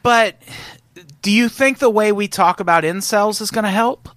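A man's voice: high-pitched, normal speed, a bit bright, dry recording. A man in casual chat, thinking aloud in a searching way with hesitant restarts.

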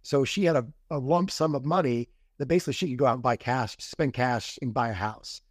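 A man's voice: medium pitch, brisk, dry recording, studio quality. Man recounting a past relationship. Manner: rambling retelling with quoted dialogue and restarts. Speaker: podcast guest. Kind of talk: casual storytelling interview.

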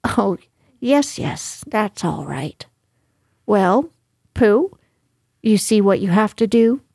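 A woman voicing a brisk, bossy male rabbit who is hatching a plan, in a storybook reading. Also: medium pitch, very animated, gravelly, dark tone, no room sound, clean studio sound, full character voice.

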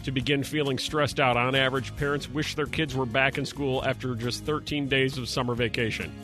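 A man's voice: medium pitch, fairly even intonation, soft background music. A man hosting a morning radio show, bantering playfully with co-hosts and callers. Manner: playful, quick with jokes.

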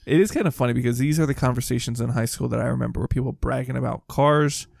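A man co-hosts a podcast in an easygoing, question-asking chat. His voice is gravelly with a lot of fry at a middle pitch. The close mic sounds dry and close. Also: fast talker, darkish tone, no echo. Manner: conversational, asks questions, easy laughs. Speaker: podcast co-host. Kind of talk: casual chat recapping a film.

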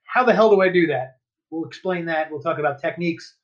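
A man's voice: a little high, a little fast. A man co-hosting a podcast in casual chat, joking and rambling loosely with lots of fillers and swearing. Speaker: podcast co-host. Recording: dull lo-fi podcast audio.

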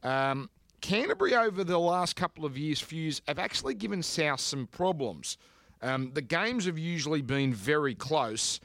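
Aussie guy hosting a betting podcast, slightly high voice, dry sound, rambly jokey banter. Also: sing-song, normal speed, vocal fry, fairly bright tone, no room sound. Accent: Australian. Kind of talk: casual sports chat.

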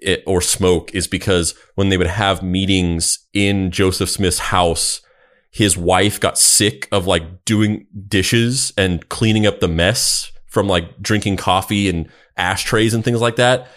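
Speaking slowly in a low-pitched, steady and fairly bright voice, this man co-hosts a podcast. His casual chat meanders, full of fillers and restarts.

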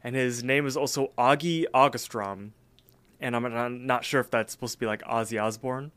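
Smooth-voiced man recapping a cartoon episode. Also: medium pitch, normal speed, a bit bright. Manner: rambling, filler-heavy retelling. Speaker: podcast co-host.

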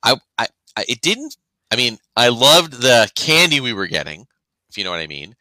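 A man's voice: mid-range voice, sing-song, normal speed, bright, forceful tone, no echo, rough recording. A man co-hosting a podcast in casual chat, rambling with frequent restarts and acting out other people's reactions. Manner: rambling, restarts often, acts out quoted reactions. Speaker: podcast co-host.

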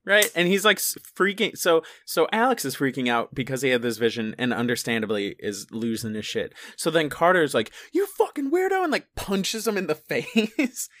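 Wry co-host with a bright voice and a lively pitch swing, dry close recording, chatting about a film. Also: no echo. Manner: halting, self-correcting, wry. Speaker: podcast co-host. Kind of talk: casual movie recap chat.

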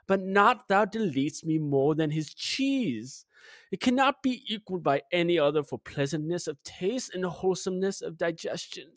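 A man's voice: sits high, no room sound, studio quality. A man reading the message of a farmer from 1521 aloud in a put-on mock German accent, stumbling over the archaic wording. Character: English farmer man from 1521, old-fashioned, chatty.

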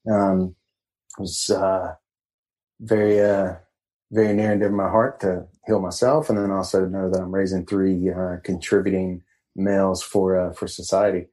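A man guesting on a casual podcast, talking as a coach in a meandering, halting way. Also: sits low, level tone, dark tone, low-quality recording. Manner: meandering, halting, laid-back. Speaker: guest, men's empowerment coach.

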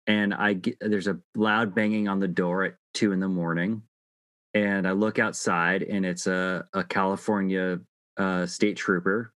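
A middle-aged man telling a long personal story in casual chat, halting and restarting often. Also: low voice, little pitch movement, a bit bright, no echo. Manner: rambling, halting with many restarts.

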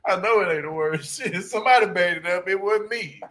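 Laughing Louisiana man, bright high voice. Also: fairly quick. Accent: Shreveport, Louisiana. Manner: laughs often, loose and profane. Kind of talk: casual chat.

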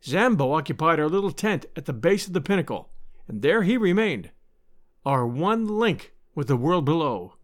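Expressive, high-voiced male audiobook narrator. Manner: expressive storytelling, measured. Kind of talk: scripted narration.

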